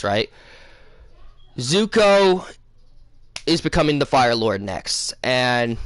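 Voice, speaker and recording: A man's voice: fairly high pitch, fairly bright tone, clean tone, dry recording. A man hosting a casual vlog, retelling a dream in a rambling way full of fillers. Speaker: channel host.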